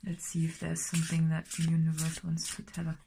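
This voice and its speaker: A woman's voice: deep voice, completely flat delivery, brisk, creaky, dark tone, a little hiss or hum. A woman doing a casual tarot reading, talking in a rambling way with many fillers and sometimes dropping to a whisper. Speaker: tarot reader.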